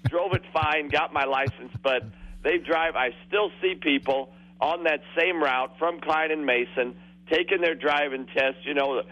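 A caller in his sixties phones a radio show with a fairly high, slightly bright voice, speaking unhurriedly. He rambles through stories and laughs along the way, heard over a muffled phone line.

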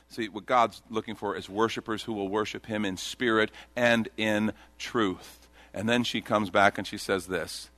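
A man preaching a sermon as a pastor, telling a Bible story with animated delivery and voicing the characters in quotes. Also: lowish voice, moderate pace, hardly any pauses, dry recording.

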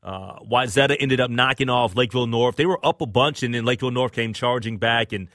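Male radio host, bright forceful tone, dry studio sound, easygoing and agreeable. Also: quick pace, no room sound. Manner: conversational, agreeable, rises in pitch when excited. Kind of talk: casual radio talk.

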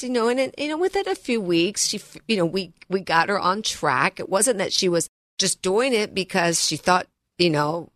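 A middle-aged woman, a financial advisor, co-hosts a financial radio talk show from a studio, telling stories in an earnest, emphatic way. Her expressive, fairly bright voice sits on the high side at a normal pace, captured cleanly on a studio mic with no room sound.

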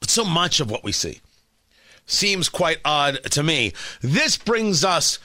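A man hosting an opinionated talk radio commentary, emphatic and animated, with hesitant fillers. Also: on the high side, takes it slowly, no room sound.

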